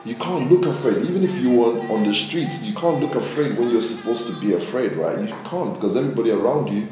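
Animated pastor, very echoey room. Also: male voice, medium pitch, fairly quick, far from the mic. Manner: conversational, animated, acts out quotes. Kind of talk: sermon. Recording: very echoey room with music behind. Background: music.

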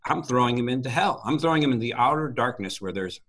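A middle-aged man telling personal faith stories earnestly, with soft laughs, as a Christian speaker. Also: medium pitch, lively intonation, quick pace. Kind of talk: conversational testimony.

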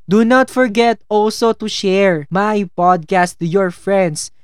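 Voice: slow pace, smooth, no echo, clean studio sound. Playful Filipino-accented podcast host. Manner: playful and chatty, with sudden bursts of high, excited greetings. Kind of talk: casual solo podcast monologue.

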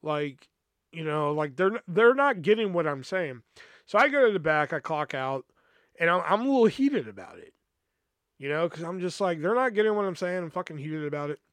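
A man's voice: fairly high pitch, big pitch swings, normal speed, fairly bright tone, dry recording. Profane, rambling man telling a story. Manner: profane, rambling, peppers speech with "you know"; retells past conversations with restarts and stammers. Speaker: podcast host telling a personal story. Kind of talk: casual storytelling.

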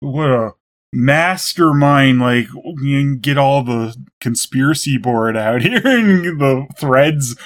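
Slow, dry-witted podcast co-host. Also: medium pitch, animated. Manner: dry, mocking asides. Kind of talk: casual episode recap.

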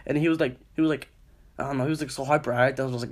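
A man's voice: medium pitch, steady tone, rapid-fire. A young man co-hosting a casual podcast, telling a story with lots of swearing and "I was like" quotes. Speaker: podcast co-host.

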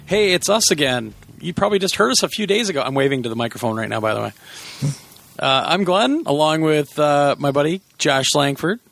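A man's voice: on the high side, lively intonation, a little fast, creaky, a bit bright. A man hosting a casual podcast with a sore voice, chatting loosely and laughing often. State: sore voice, sucking a lozenge. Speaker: podcast host.

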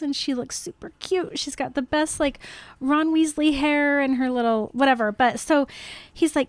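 A woman's voice: high-pitched, fairly even intonation, normal speed, no room sound. A woman casually recapping a film in a chatty talk show, acting out the scenes in quoted voices. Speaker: podcast co-host.

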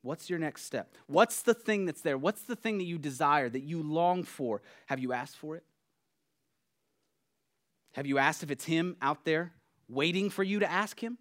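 A man preaching a sermon in an earnest, conversational way, dropping soft and then growing emphatic. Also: on the high side, expressive, moderate pace. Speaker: pastor.

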